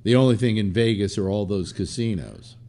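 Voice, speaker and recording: A man's voice: fairly low pitch, fairly quick. A man hosting a radio talk show, asking curious, questioning follow-ups in casual conversation. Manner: curious, questioning, lively intonation.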